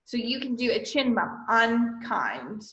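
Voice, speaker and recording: Her fairly high, sharp-toned voice moves at a measured pace with lively intonation as she, an elementary school teacher, guides young kids through a recorded online lesson. She checks in often with "okay?" and stays patient and encouraging, though the echoey room gives slightly dull lo-fi sound.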